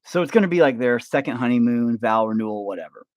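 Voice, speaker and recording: A man in a casual, profane, rambling monologue, pitching a movie plot while working with his hands at home. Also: animated, quick pace, a little mellow, dry recording, clean studio sound. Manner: rambling, profane, acts out scenes. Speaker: vlogger pitching a film idea. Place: home office while carving.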